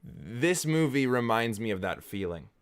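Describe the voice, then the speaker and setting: A man talks over a film in casual commentary, rambling with plenty of filler words. His pitch swings lively while his pitch sits in the middle. He sounds enthusiastic throughout. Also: measured pace, clear, resonant tone. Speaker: film reviewer, host. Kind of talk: casual movie watch-along commentary.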